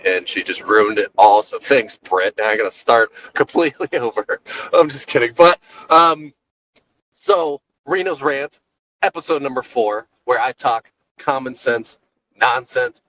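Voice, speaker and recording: A man co-hosting a podcast, delivering an animated, jokey solo rant recorded in his car. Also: mid-range voice, lo-fi sound. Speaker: podcast co-host.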